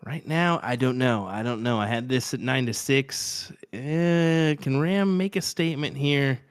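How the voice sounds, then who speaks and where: A man's voice: medium pitch, measured pace, clean tone, no room sound, clean studio sound. A man giving live darts commentary, bantering and teasing his co-commentator. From Texas.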